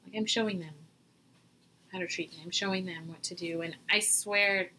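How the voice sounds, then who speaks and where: A woman and mother talking as a guest in a casual interview, animated and quick to act out what people say. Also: fairly low pitch, slight background noise, rough recording. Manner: animated, acts out quoted voices. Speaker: podcast guest.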